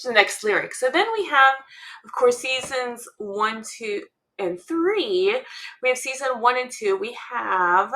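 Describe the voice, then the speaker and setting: Slow, bright-voiced woman chatting as a fan. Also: medium pitch. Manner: chatty, thinking aloud with frequent ums and laughs. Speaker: podcast co-host. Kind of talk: casual fan analysis chat.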